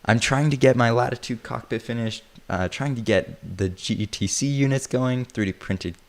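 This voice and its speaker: A man's voice: mid-range voice, normal speed. A man casually chatting on a livestream while he works on a build, rambling and joking at his own expense. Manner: rambling, self-mocking, chuckles often.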